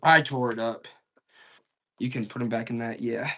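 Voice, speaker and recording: This man's voice sits at a medium pitch and moves at a moderate speed. He's running a live auction stream, talking up each piece for sale and addressing his audience with excited salesman hype.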